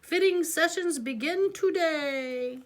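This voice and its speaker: A woman voicing a formal royal announcer reading a decree slowly in a storybook read-aloud. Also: high voice, pitched above the performer's own voice. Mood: proclaiming. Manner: slow, proclaiming.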